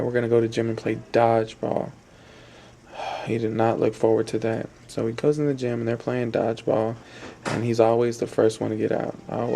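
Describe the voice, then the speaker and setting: A young man tells a story, circling back and repeating himself. His voice is gravelly and mellow, and he speaks in a flat, level tone. A faint background noise sits under it. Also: medium pitch. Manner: rambling, repetitive, with fillers and restarts. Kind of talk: spoken storytelling.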